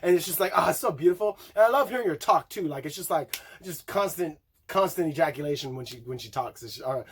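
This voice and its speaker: A man's voice: a little high, animated, fast, a little hiss or hum. A man chatting casually through an album review, rambling and profane, often laughing and singing along to lyrics. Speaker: music reviewer.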